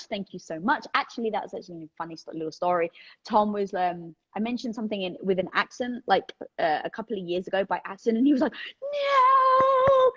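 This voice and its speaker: A livestream host with a British accent chats from home, candid and full of energy as she responds to viewer questions through her phone. Her voice is medium in pitch, with lo-fi sound quality.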